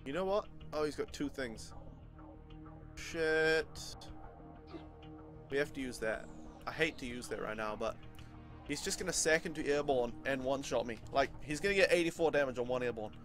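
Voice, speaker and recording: A man giving gameplay commentary in a recorded video, muttering about moves and then gloating loudly. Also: medium pitch, animated, normal speed, long pauses. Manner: swings from muttering to loud gleeful gloating. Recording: faint game music behind.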